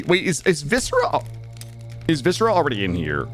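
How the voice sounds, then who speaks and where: An American man with a cold talks casually to his viewers during a game stream, his voice sitting a bit high and swinging widely in pitch. He rambles, restarts sentences and chats over faint background music. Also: huge pitch swings, a little fast. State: has a cold. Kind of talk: casual gaming stream chat.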